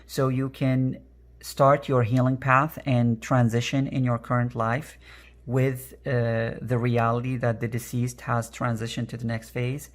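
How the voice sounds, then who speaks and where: A man with a raspy, strained voice giving an earnest pick-a-card reading, repeating phrases with many fillers. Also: mid-range voice, flat delivery, a little slow. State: emotional, voice strained. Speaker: energy worker and tarot card reader.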